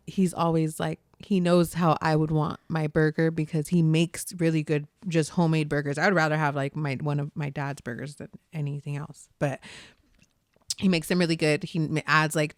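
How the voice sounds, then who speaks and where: A woman's voice: deep voice, gravelly, no room sound, clean studio sound. A young woman chatting casually as a podcast co-host, laughing often and acting out what her family says. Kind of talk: casual chat.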